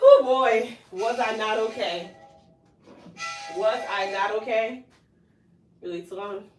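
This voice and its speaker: A woman with a slightly high voice runs her salon and vlogs along the way. She tells a wild personal story in a loose, casual style. She laughs as she goes and sounds animated throughout. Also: takes it slowly, faint music behind. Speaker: hair salon owner and vlogger. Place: hair salon.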